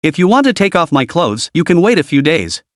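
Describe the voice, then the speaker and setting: A man voicing a gentle, soft-spoken young man in a recap of a comic story, speaking in a soft, hushed way. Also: fairly high pitch, big pitch swings, fairly quick, no room sound, clean studio sound. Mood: soft pleading. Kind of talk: scripted recap narration.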